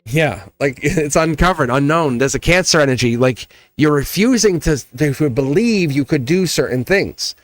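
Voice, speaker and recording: A man's voice: on the high side, expressive, normal speed, few pauses. A man with a Southern accent, reading tarot on a casual livestream and talking straight to his viewers, laughing often. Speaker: tarot reader.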